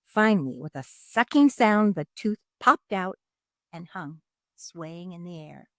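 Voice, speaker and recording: A woman reading a children's storybook aloud in an expressive, dramatic narrating style. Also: on the low side, a little slow, no echo, studio quality.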